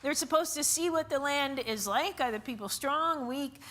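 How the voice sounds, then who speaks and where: A woman's voice: high voice, moderate pace, fairly bright tone. A woman teaching an informal Bible class, chatty with many fillers and rhetorical questions. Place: church classroom.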